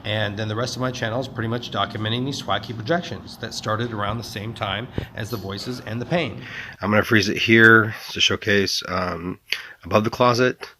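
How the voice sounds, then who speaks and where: Earnest man explaining in a measured voice. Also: fairly low pitch, fairly even intonation, bright, forceful tone, slight background noise. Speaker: channel owner. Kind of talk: explanatory monologue to camera.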